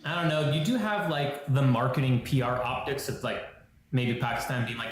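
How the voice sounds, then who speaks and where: Guy cohost telling a story all animated, super echoey room, some music under. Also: mid-range voice, moderate pace. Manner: animated storyteller, acts out quotes. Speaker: morning show co-host. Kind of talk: casual chat.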